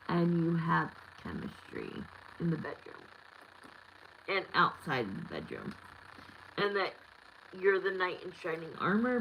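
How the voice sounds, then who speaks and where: A woman's voice: on the low side, bright, forceful tone, slight background noise, poor audio. A woman in her thirties giving a live tarot reading, talking candidly and bluntly with lots of fillers. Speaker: tarot reader.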